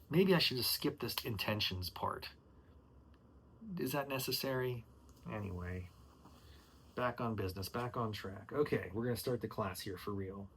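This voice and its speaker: A man hosting his own podcast, practicing how to lead a chair yoga class, with slow soothing cues broken by frustrated, joking asides where he swears and says "dude.". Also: fairly low pitch, fairly bright tone, a little hiss or hum. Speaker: podcast host rehearsing as yoga instructor.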